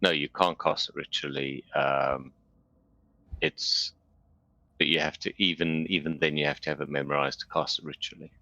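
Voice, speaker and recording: A man's voice: very deep voice, steady tone, normal speed, gravelly, bright, forceful tone, no room sound, dull audio. A man playing a tabletop game over a voice call, chatting casually and explaining spell rules. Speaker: player. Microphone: USB microphone on a voice call.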